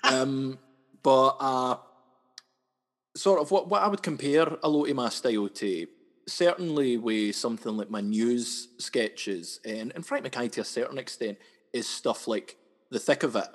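A man's voice: mid-range voice, measured pace. Scottish man with reverby, chatty talk. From Scotland, West Coast. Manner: chatty, repeats words and restarts often. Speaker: sketch comedian, guest. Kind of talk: casual interview chat. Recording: long hall reverb.

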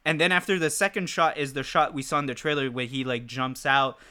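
Talking briskly in a steady, sharp, clean mid-range voice, this man co-hosts a podcast. The casual chat is animated and full of fillers and swearing, captured on a podcast mic.

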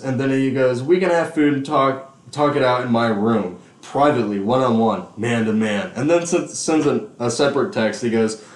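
A man's voice: medium pitch, darkish tone. Laid-back man chatting in an echoey room. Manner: reads out text messages, laughs often, swears freely. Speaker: podcast co-host. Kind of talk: casual podcast chat.

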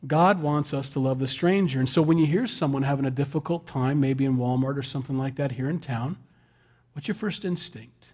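A man's voice: medium pitch, fairly quick, darkish tone. Male pastor, easygoing folksy sermon delivery, medium voice. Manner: conversational, folksy, self-deprecating asides.

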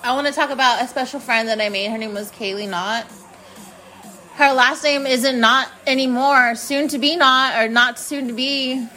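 Chatty woman with a bright voice. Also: high-pitched, normal speed. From United States. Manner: chatty, frank, swears casually. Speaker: podcast host. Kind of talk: casual solo storytelling.

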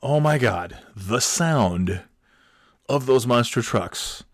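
A man telling a comic story in an animated, profane, self-mocking way. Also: medium pitch, slow pace, no echo, studio quality.

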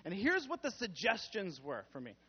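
Playful high-voiced young pastor, muffled. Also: male voice, wildly swooping pitch, normal speed, breathy edge. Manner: playful, jokey, laughs often, acts out quotes loudly. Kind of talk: casual sermon. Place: church. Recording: dull muffled sound.

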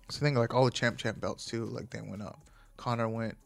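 A man's voice: on the low side, gravelly. Rambling, swearing man chatting casually. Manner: rambling, profane, keeps correcting himself. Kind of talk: casual chat about fights.

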